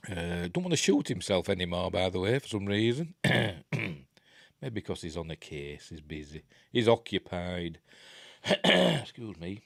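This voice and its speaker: A Yorkshire man with a very low voice talks over a film in a loose, rambling way, tossing in jokey asides. The sound is close and dry, with no room around it. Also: big pitch swings, a little slow, gravelly, dry recording. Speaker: film reviewer. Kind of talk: casual film commentary.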